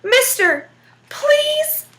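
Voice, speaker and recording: A woman doing a loud, pleading folk-tale devil. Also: very high voice, big pitch swings, drawn-out words, pitched above the performer's own voice, heavily acted. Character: blustering male devil, pleading then gruff.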